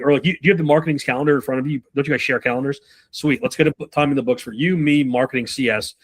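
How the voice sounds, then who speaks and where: A man giving a live sales training talk to a room, casual and profane, acting out quick dialogues between reps, buyers and bosses. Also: mid-range voice. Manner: animated, profane, acts out buyer and rep dialogue.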